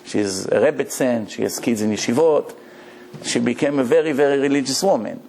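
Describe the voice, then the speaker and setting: A rabbi gives an animated Torah lecture, telling stories and posing rhetorical questions to his audience in English with non-native grammar. His mid-range voice is gravelly and a little mellow, moving slightly fast. There's a faint hiss or hum in the recording.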